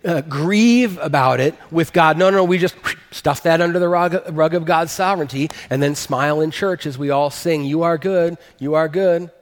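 A man's voice: on the high side, moderate pace, hardly any pauses, long reverb tail. A man preaching a sermon as a pastor, earnest and emphatic, rising to stress his points.

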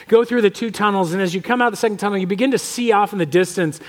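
A man with an American accent preaching a conversational, animated sermon as pastor of a church, often acting out the voices he quotes. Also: high voice, racing. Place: church sanctuary.

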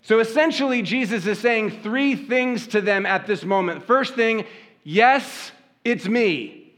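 High-voiced man preaching, animated storyteller. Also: moderate pace. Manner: conversational, animated storytelling with rhetorical questions. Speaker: pastor. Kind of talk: sermon.

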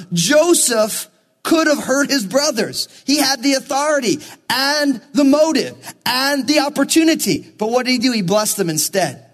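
High-voiced pastor preaching in a reverberant hall. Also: male voice. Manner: preaching with Bible readings, voicing characters in asides. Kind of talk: sermon.

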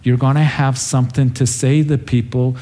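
Male pastor, mid-pitched and mellow, earnest conversational sermon teaching. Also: little pitch movement, moderate pace. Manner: storytelling, acts out the characters with a raised voice. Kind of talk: verse-by-verse Bible teaching.

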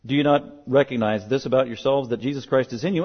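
A man's voice: mid-range voice, quick pace. A male pastor preaching a sermon, emphatic and driving points home through repetition. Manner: emphatic, repeats key words for stress. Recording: dull lo-fi sermon recording.

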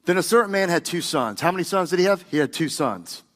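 A man's voice: high voice, animated, fast talker, a bit bright. A male pastor preaching a sermon, speaking emphatically and having the congregation repeat words back to him. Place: church sanctuary. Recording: long reverb of a large hall.

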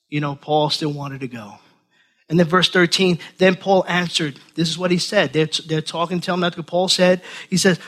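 A man preaching a sermon, dramatizing the apostle's words and swinging between loud emphasis and quiet asides. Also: high voice. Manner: animated, dramatizing scripture with acted voices.

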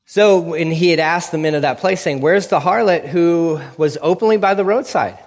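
A man preaching a sermon in an animated way, acting out the characters with sarcasm. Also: fairly high pitch, moderate pace, in a large hall.

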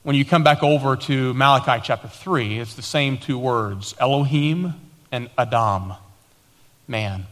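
A man preaching as a pastor, quoting scripture with emphatic repetition and sudden swings between raised declarations and quieter teaching. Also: mid-range voice, a little slow, in a large hall. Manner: preaching with emphatic repetition, dramatic quoted lines. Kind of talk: sermon.

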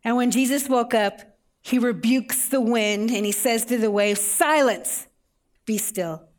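A woman's voice: a little high, steady tone, moderate pace. A middle-aged woman pastor delivers a sermon in a slightly raised voice. She tells the story vividly, mixing in everyday examples and rhetorical questions.

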